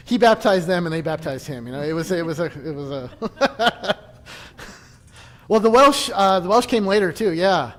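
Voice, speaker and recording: A man's voice: high-pitched, lively intonation, normal speed, fairly bright tone, in a large hall. A man casually leading a church history class, chatty and joking, with frequent restarts.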